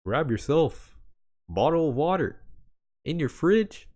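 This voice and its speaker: A peppy male commercial announcer, as a podcaster puts him on, all bright sales cheer. The pitch rides up high and sing-song, pushing each line like a mock ad. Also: sing-song, a little slow.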